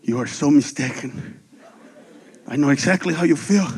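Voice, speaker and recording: A man's voice: on the high side, normal speed, darkish tone, slightly rough, voice pushed down. A man voicing a boastful, mocking Mexican immigrant in a stand-up bit. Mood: smug. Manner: crude, mocking one-upmanship.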